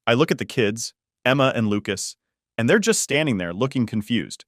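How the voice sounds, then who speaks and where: A man's voice: mid-range voice, lively intonation, moderate pace, no room sound, studio quality. A man narrating a first-person family drama story in an exasperated, matter-of-fact way.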